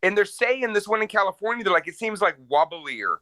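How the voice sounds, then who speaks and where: A man co-hosting a comedy podcast, chatting casually in a playful, animated way from home. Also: high voice, brisk, no room sound. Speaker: podcast co-host. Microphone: home microphone on a call.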